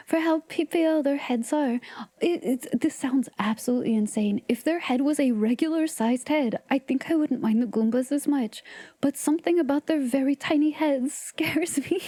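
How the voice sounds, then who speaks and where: A woman's voice: sits high, moderate pace, mellow, dry recording. A woman hosting a livestream, chatting casually and playfully with viewers, often giggling and sometimes dropping to a whisper. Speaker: livestream host.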